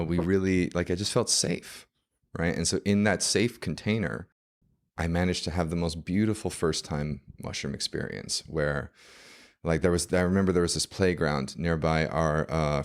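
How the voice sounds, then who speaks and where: A man's voice: extremely low pitch, moderate pace, gravelly. A man, a podcast guest, telling a story casually and animatedly, full of fillers.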